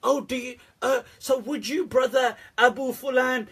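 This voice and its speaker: A man's voice: very high-pitched, fairly even intonation, unhurried, a bit bright, breathy edge. A man answering questions in a casual, sarcastic rant, laughing often and swearing freely. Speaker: Islamic scholar answering questions. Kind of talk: casual ranting commentary.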